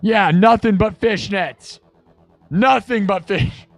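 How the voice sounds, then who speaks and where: A man's voice: high-pitched, slow pace, no echo. A man hosting a live music stream in casual, brash, teasing chat. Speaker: livestream host and musician.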